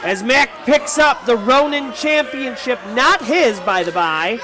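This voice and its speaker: A male play-by-play commentator calling a wrestling show, often shouting his calls. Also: very high-pitched, lively intonation, measured pace. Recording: commentary over loud arena crowd and music.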